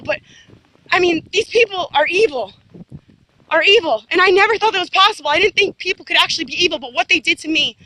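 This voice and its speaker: A woman's voice: very high voice, bright, forceful tone, poor audio. A woman giving a rambling, earnest first-person account to camera, repeating herself and restarting often. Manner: rambling, repetitive, with many fillers and restarts; earnest and insistent.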